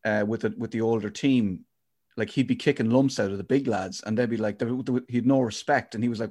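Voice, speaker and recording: A man's voice: mid-range voice, fairly even intonation, fairly quick, a little mellow. Podcast host guy, rambles, restarts a lot, medium voice. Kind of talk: casual chat.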